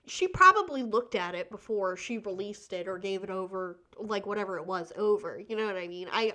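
A woman's voice: mid-range voice, pushed and bright. A woman co-hosting a casual chat about a film, talking loosely and conversationally. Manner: loose and conversational, many "like" and "you know" fillers.

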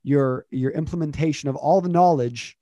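Energetic man coaching with rising questions. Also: a little high, normal speed, no echo, clean studio sound. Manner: energetic, repeats himself, builds questions. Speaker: communication coach. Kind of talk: motivational interview chat.

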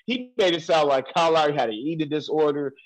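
Animated man ranting on a sports podcast. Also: fairly high pitch, poor audio. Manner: animated, ranting, quick to laugh. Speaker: podcast co-host. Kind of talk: casual sports talk.

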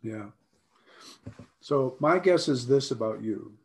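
An American man, a life coach, talking earnestly in a conversation, often clearing his throat and repeating his points. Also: mid-range voice, lively intonation, slow pace, a little mellow.

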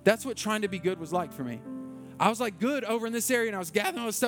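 A man's voice: high-pitched, lively intonation, racing, fairly bright tone, soft background music. A man preaching a sermon in an earnest, repetitive way that rises to passionate intensity. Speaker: pastor.

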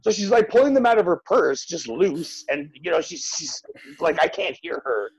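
A man's voice: on the high side, normal speed, lo-fi sound. A man telling a story in casual chat, full of fillers and swearing, acting out what others said. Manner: animated, swearing, many fillers, acts out voices.

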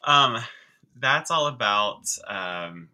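Brief: male podcast guest, lower register with a sharp bright edge, eager teacherly explainer. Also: expressive, extremely slow, low-quality recording. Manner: enthusiastic, chatty explainer. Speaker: guest, sign language teacher. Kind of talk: conversational explaining.

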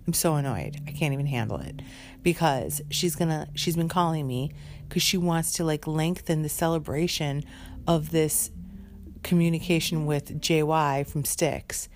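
Low-voiced, exasperated woman ranting. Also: moderate pace, a little hiss or hum. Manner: exasperated, profane, rambling. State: overtired. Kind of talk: casual ranting monologue.

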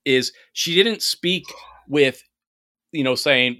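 A man's voice: on the high side, big pitch swings, moderate pace, pushed and bright, dry recording, studio quality. A man hosting a casual podcast chat, swearing freely and ranting with mocking impressions.

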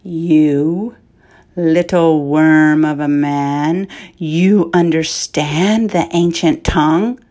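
A woman voicing a huge, wicked, boastful male dragon in a storybook, speaking in a slow, sneering, menacing way. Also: sits low, fairly even intonation, dark tone.

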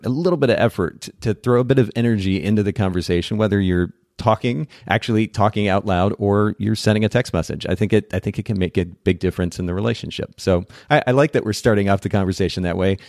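A man's voice: low voice, a little mellow, no room sound, clean studio sound. A man hosting a podcast interview, chatting in a friendly way with frequent restarts. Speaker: podcast host.

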